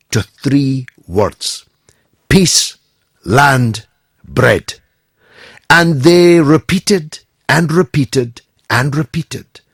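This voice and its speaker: A Scottish man hosts a radio phone-in, speaking slowly and emphatically with dramatic pauses. His pitch rises and falls in big sweeps, set a little high for a man. The sound is dry and close. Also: no echo. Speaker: radio talk show host. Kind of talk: talk radio monologue and phone-in.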